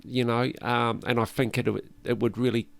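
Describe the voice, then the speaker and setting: A man's voice: medium pitch, flat delivery, moderate pace, creaky, no echo. A man with a New Zealand accent, the guest on a casual chat podcast, telling self-deprecating stories with laughs.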